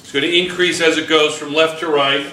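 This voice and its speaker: A man teaches a chemistry class at a whiteboard in a slightly high, bright, forceful voice. He repeats points and keeps asking whether the students can follow. The classroom echoes around him, with a faint hum of room noise. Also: steady tone, brisk, far from the mic. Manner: repetitive, checks in often with students. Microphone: camera in the room.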